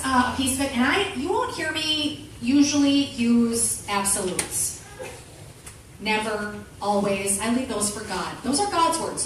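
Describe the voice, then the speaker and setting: A woman giving an animated motivational talk to a women's group, acting out the people she quotes. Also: a little high. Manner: animated, acts out quoted voices. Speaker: motivational speaker. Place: meeting room with an audience. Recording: echoey room from far off, faint noise.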